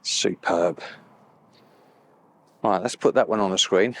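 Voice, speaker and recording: A man's voice: low voice, takes it slowly, a bit bright, a little hiss or hum. A man filming an outdoor photography vlog beside a loch, talking enthusiastically and at times dropping to a whisper. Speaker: landscape photographer.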